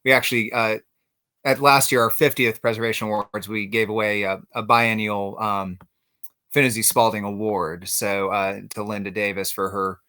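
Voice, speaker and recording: A man's voice: on the low side, little pitch movement, moderate pace, pushed and bright, clean tone. A man hosting an interview in a friendly way, passing along viewer comments and asking questions. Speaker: interview host. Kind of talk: hosted interview.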